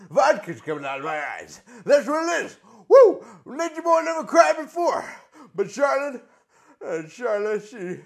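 A man doing a gravelly, brash old wrestler. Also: sits high, pitched above the performer's own voice, full character voice. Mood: wounded. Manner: loud, swaggering, with "woo" yells. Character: brash boastful aging male pro wrestler. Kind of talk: comedy impression sketch.

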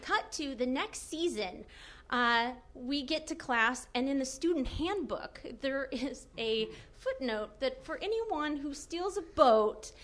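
A young woman with a high voice tells a story from her own life, animated and loose. She laughs often and keeps dropping "like" between her words. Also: slow pace. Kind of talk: casual personal storytelling.

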